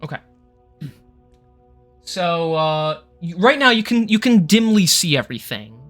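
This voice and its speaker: A man narrating as game master for a tabletop game, in a casual, halting way with fillers and some swearing. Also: high-pitched, lively intonation, fairly bright tone, soft background music.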